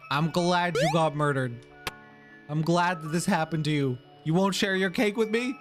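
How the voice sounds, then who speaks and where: A man streaming a video game live, reacting excitably with gasps and laughter as he comments. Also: on the high side, measured pace, long pauses. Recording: game music playing under the voice.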